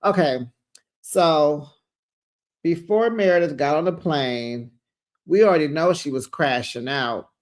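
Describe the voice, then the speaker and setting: Unhurried sassy reality-TV recap host. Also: medium pitch. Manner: gossipy and sassy, with lots of laughter.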